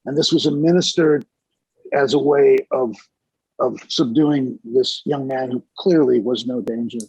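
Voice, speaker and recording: A man talking as a podcast guest in a musing, halting way, with many fillers. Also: mid-range voice, darkish tone, slightly rough, no echo, highs cut off. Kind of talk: reflective podcast talk.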